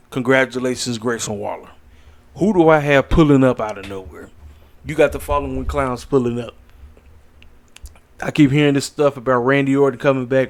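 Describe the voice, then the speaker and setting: A man hosting his own wrestling channel, giving blunt, opinionated predictions in a rambling casual chat, tired and yawning late at night. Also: medium pitch. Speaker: wrestling commentary channel host. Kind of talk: casual solo predictions video.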